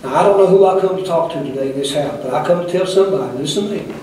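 A man's voice: fairly high pitch, racing, noisy background. An older male pastor preaching a sermon in a church, with rhythmic, fiery delivery and repeated calls to the congregation. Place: church sanctuary. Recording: echoey distant room recording.

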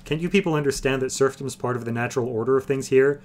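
A man's voice: medium pitch, quick pace, natural voice. A man reading aloud, voicing a haughty, indignant young nobleman.

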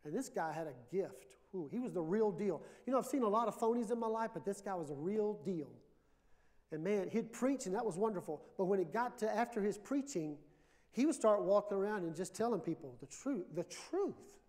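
A male pastor preaching with emphasis, stretching his words as he builds. His voice sits high, and a long reverb trails through the sanctuary. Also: expressive, brisk, darkish tone. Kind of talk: sermon. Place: church sanctuary. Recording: reverberant church hall.

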